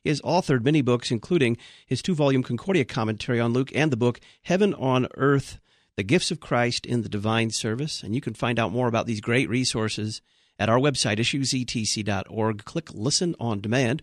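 Male radio host, clear announcer reading. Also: mid-range voice, a little fast, no room sound, studio quality. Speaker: radio talk show host. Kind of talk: radio talk show hosting.

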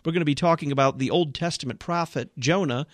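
A man hosting a radio talk show, thanking his guest and briskly reading promotions and announcements. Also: fairly high pitch, no echo, clean studio sound.

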